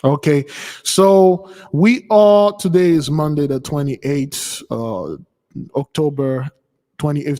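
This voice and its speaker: A spiritual teacher with a fairly high, slightly mellow voice gives an informal sermon-style talk. He drives his points home emphatically and repetitively, and a long hall reverb colors the recording.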